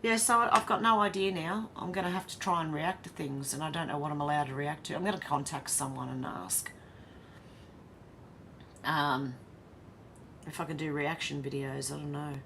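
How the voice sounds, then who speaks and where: A woman's voice: sits low, steady tone, moderate pace, creaky, a bit bright, a little hiss or hum. An Australian woman hosting a casual live stream, reading viewer comments aloud, chatty and blunt, laughing often and swearing.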